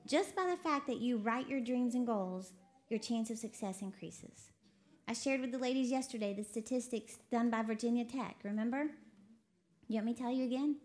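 A woman from Texas preaching a lively sermon, laughing often and quoting voices as she talks. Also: a little high, normal speed. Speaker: preacher co-hosting a broadcast. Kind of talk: sermon to a women's audience.

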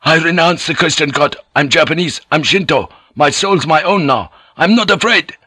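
A man's voice: lowish voice, level tone, takes it slowly, no room sound, clean studio sound, exaggerated voice. Man doing a defiant young convert. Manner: defiant, shouting. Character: young male Japanese convert, defiant and agitated.

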